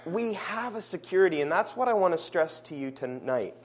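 A man preaching a sermon in a church service, earnest, slowing down to stress his key phrases. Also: high-pitched, animated.

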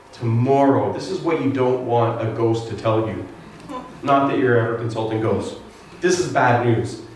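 A man's voice: mid-range voice, normal speed, a little mellow, a little hiss or hum. A man preaching a casual sermon, retelling scripture with humorous asides. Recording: echoey room, distant mic.

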